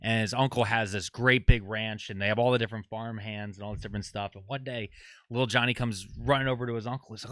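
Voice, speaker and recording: A man in casual podcast chat, retelling sketches and jokes in an animated, rambling way. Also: on the low side, fast, dry recording, studio quality. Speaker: podcast talker.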